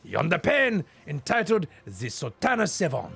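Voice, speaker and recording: A man's voice: a little high, huge pitch swings, moderate pace, gravelly, sharp tone, breathy edge, soft background music, exaggerated voice. A man voicing a pompous male exhibition curator in a video game, with a theatrical, mock-refined put-on French-style accent.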